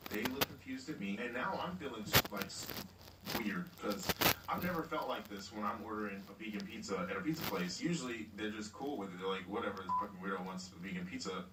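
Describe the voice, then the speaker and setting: A man's voice: lowish voice, fast. A young man telling a rambling, profane story in a casual vlog. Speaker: vlogger. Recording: roomy echo, far from mic, noisy.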